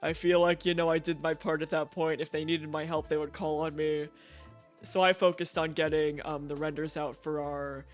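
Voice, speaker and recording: A young man streaming a game, telling a story in a profane, animated rant full of "right?" asides. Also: on the high side, moderate pace, soft background music.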